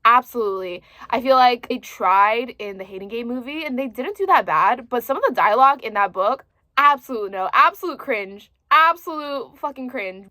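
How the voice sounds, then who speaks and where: A woman in her twenties chatting casually as a book vlogger, expressive and full of filler words. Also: on the high side, no room sound. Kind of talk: casual chat to camera.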